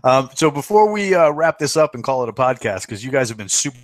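A man's voice: mid-range voice, sing-song, fast talker, no room sound. A man hosting a podcast over a remote call, talking casually and hesitantly with lots of "uh"s. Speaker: podcast host. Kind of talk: casual chat.

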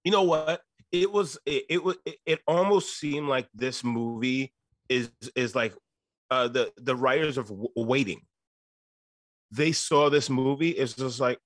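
A man's voice: mid-range voice, fairly even intonation, a little slow, dry recording, studio quality. A man co-hosting a podcast, chatting casually and profanely about a movie and acting out scenes in quoted voices. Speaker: podcast co-host. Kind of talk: casual movie review chat.

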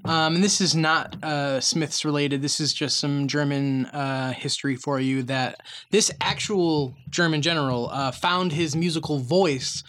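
Podcast co-host, man, halting pun delivery, slightly high voice. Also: a bit bright. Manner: slow, hesitant, heavy on fillers, punning. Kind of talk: casual movie review chat.

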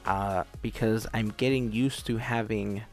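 Creaky-voiced man talking around a retainer. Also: lowish voice, fairly even intonation, unhurried, faint music behind. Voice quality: trouble with S sounds, slight hiss. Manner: rambling, lots of "like" and restarts. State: slurred speech from a new dental retainer. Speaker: podcast host. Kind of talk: casual chat.

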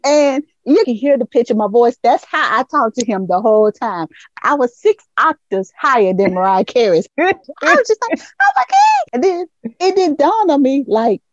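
A woman co-hosting a podcast, telling a story in an animated way with lots of laughter and quoted voices. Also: a little high, normal speed, no room sound, dull audio. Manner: animated storytelling, laughs often, lively quoting. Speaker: podcast co-host. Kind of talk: casual chat. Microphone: headset.

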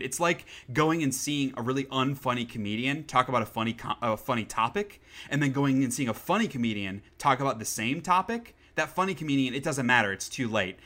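A man hosts a casual podcast with a bright, forceful tone. He is sarcastic and opinionated and swears freely. His delivery is chatty and full of quick restarts. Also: medium pitch. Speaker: podcast host. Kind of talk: casual chat.

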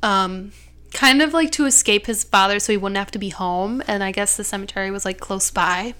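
Smooth-voiced young woman in casual chat. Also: medium pitch, a little fast, pushed and bright. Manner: chatty, many fillers like "like" and "um". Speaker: podcast co-host. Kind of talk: casual true-crime chat.

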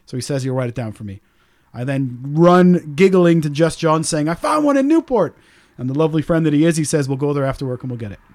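A man hosting a podcast, telling a story in an animated rant full of swearing and acting out other people's lines. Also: on the high side, fast. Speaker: podcast host.

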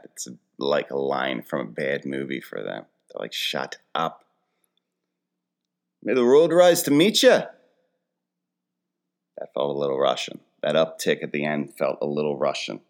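A man's voice: very deep voice, vocal fry. A man in his forties hosting a casual comedic monologue, rambling and poking fun at himself. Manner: rambling, self-deprecating storytelling.

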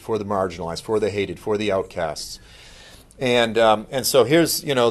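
A middle-aged man giving a conversational update, telling stories with plenty of fillers and lively asides. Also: mid-range voice. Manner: conversational, animated impressions of others, many fillers. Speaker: speaker giving a ministry update. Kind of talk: casual storytelling talk.

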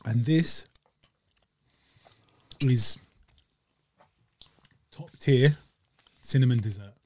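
A man's voice: mid-range voice, drawn-out words, a little mellow, no echo. A man, co-hosting a podcast and joking through a casual dessert review with slang and banter. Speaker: podcast co-host. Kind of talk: casual food review chat.

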